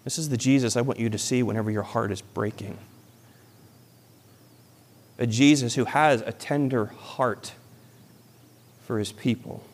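A man's voice: mid-range voice, steady tone, unhurried, long pauses. Male pastor, sermon, earnest, emphatic peaks, long hall echo.

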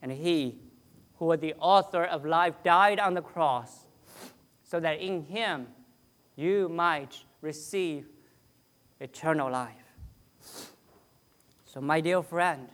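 Man, pastor, sermon, high-pitched, slow, earnest, long pauses, soft drops.

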